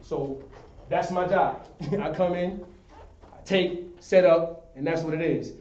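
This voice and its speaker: A man's voice: fairly high pitch, slow pace, darkish tone. Guy teaching at a board, keeps asking if u understand, far off mic, muffled sound. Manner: explains step by step, often asks "understand?". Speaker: teacher of a Hebrew class. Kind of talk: classroom teaching at a whiteboard. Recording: echoey room, distant dull sound.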